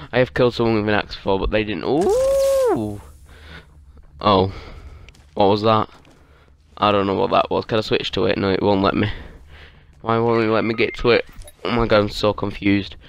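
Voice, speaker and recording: A man's voice: lowish voice, gravelly, a little hiss or hum. A man giving casual, rambling gameplay commentary, half asleep and easily startled. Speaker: gaming YouTuber.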